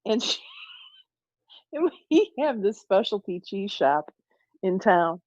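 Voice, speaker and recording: A woman's voice: medium pitch, very animated, takes it slowly, darkish tone, no room sound, dull audio. A woman chatting casually on a livestream video call, telling a funny story and laughing often. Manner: giggly storyteller, laughs through her stories.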